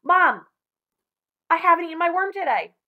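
A woman voicing a frantic, excitable young schoolboy, urgent and exclaiming in a storybook reading. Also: high-pitched, unhurried, narrow, tinny audio, pitched above the performer's own voice.

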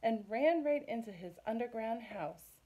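A woman as guest reader, reading a picture book aloud with slow, expressive storytelling. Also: on the high side, breathy edge, dull audio.

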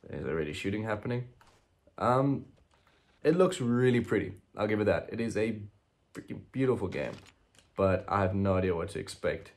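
Young male gaming host, casual cussing commentary; low, gravelly voice with a lively, swinging pitch. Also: moderate pace. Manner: chatty, swears a lot, lots of ums.

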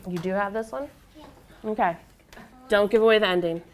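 A woman's voice: medium pitch, steady tone, normal speed, slight background noise. A young woman leading a children's storytime, reading aloud and guiding rhymes in a patient, encouraging, sing-song way. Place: indoor storytime room with children.

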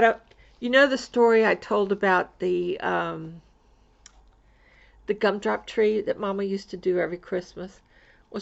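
A Florida woman with a gravelly, medium-pitched voice rambles through her crafting vlog, restarting often. It sounds like a dull, lo-fi home recording.

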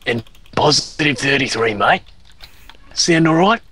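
A man's voice: mid-range voice, expressive, unhurried, pushed and bright. A young man putting on an Australian accent as an easygoing bloke, tagging lines with "mate" and "eh" while gaming. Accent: put-on Australian. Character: cheery young Aussie bloke gamer. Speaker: gamer. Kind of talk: joking gameplay chat in character.

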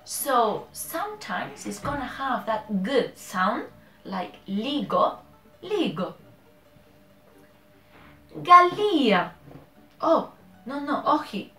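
A woman's voice: on the high side, very animated, takes it slowly, a bit bright. A woman with a Spanish accent and Spanish as her first language, hosting a casual language-learning vlog. She corrects herself often, laughs at her own mistakes and keeps checking in with "okay?". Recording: roomy echo with faint music.

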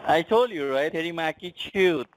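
A man's voice: on the high side, animated, moderate pace, a little hiss or hum. A man, working as a scam call center agent, who gets flustered and defensive on a phone call.

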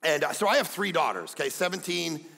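Gravelly high-voiced pastor guy in his 40s, bright edge, big echoey hall. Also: fast. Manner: animated storytelling, acts out quotes, shouts for emphasis. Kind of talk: sermon.

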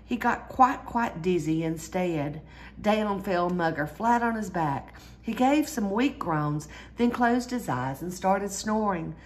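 A woman reading a children's storybook aloud in a lively way, jumping higher for the characters' cries. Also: slow pace. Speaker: storyteller reading a picture book.

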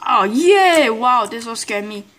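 High excitable woman gamer. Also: unhurried, slight background noise. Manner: excitable, frequent exclamations and groans, broken English. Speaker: gameplay commentator. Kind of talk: live gameplay commentary.

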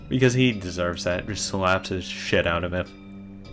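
Guy reading a visual novel out loud, low voice, swears a lot in his asides. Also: a little slow, soft background music. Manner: blunt, profane, laughing commentary. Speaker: let's-play reader.

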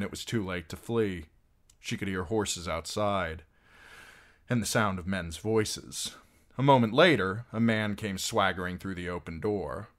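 A man's voice: low voice, fairly bright tone. A man narrating a fantasy novel chapter as an amateur audiobook reader, reading expressively.

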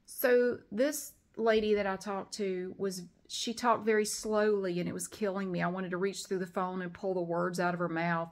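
A middle-aged woman with a drawl tells a long story straight to her camera at home. She sounds exasperated and animated, and she slips into lively retellings as she goes. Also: medium pitch, normal speed, few pauses. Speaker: vlogger.

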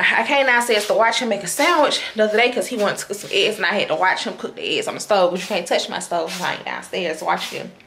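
A woman's voice: medium pitch, fairly bright tone, a little hiss or hum. A woman chatting casually to her viewers from her kitchen at home, colloquial and talkative, often calling them "y'all". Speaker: vlogger. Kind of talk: casual chat to camera.

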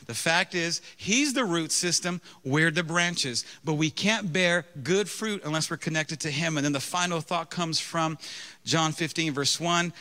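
A pastor in his thirties telling a humorous, self-mocking story during a sermon, with lively, animated delivery. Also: fairly high pitch.

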